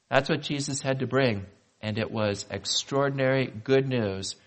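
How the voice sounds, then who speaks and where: A male pastor delivering a sermon in a conversational manner, asking the congregation questions and slowing down for emphasis. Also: medium pitch, fairly even intonation. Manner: conversational preaching with rhetorical questions and slow emphatic pauses.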